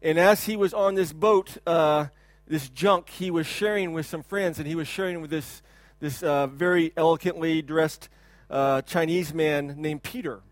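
A man's voice: fairly high pitch, fairly even intonation, measured pace, no room sound. A male pastor preaching a sermon, telling a story earnestly with frequent restarts. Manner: earnest storytelling, quiet and reflective at the end.

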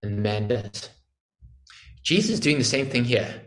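A man's voice: medium pitch, sing-song, moderate pace, a bit bright. A male preacher giving an earnest sermon, explaining a passage and asking emphatic rhetorical questions. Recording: echoey room.

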